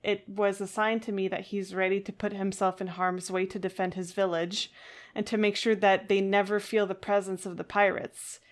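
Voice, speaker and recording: A woman's voice: mid-range voice, little pitch movement, moderate pace. Thoughtful, hesitant woman podcaster. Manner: thoughtful, hesitant, many fillers and restarts. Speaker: podcast co-host. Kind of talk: casual chat.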